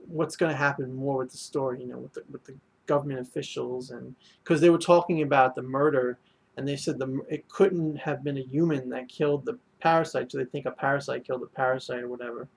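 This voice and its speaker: A man talks through an anime episode in a loose, rambling review. His voice has a gravelly, creaky texture at a middling pitch. He fills his sentences with "you know" and restarts. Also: fairly even intonation, a little fast. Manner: rambling, heavy on fillers and restarts. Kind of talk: casual spoken review.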